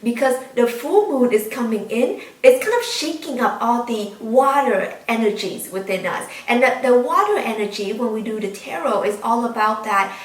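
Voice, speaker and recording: A woman with a high voice gives earnest spiritual guidance to her viewers, leaning on key words and repeating them. She sounds a little distant from the mic, in a roomy, echoing space. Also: lively intonation, moderate pace, few pauses. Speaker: tarot reader and spiritual channel host. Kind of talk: spiritual guidance talk to camera.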